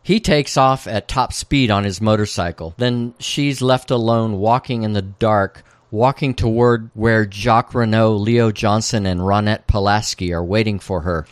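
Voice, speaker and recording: A man's voice: a little slow, few pauses, no room sound. Man recapping a show, dry close sound. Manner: recounts scenes, reading out quoted dialogue with raised pitch. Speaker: podcast co-host. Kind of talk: casual recap discussion.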